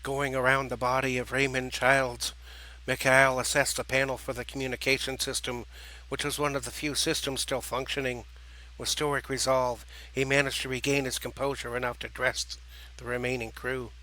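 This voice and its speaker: A man narrating an audiobook in a measured, dramatic reading style. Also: medium pitch, flat delivery, bright, forceful tone, rough recording.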